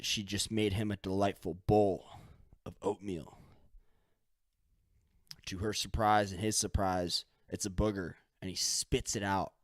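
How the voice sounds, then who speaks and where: A man rambling through a solo podcast monologue, swearing casually and spinning stories as he goes. His voice sits on the low side. The sound is dry and close, with no room echo. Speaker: podcast host.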